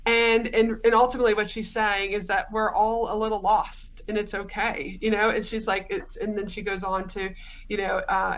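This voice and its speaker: A woman's voice: mid-range voice, steady tone, a little fast, fairly bright tone, highs cut off. A woman from Australia, a podcast guest telling her story in a rambling, chatty way. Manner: rambling, storytelling, frequent fillers. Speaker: podcast guest, business coach. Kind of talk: conversational interview.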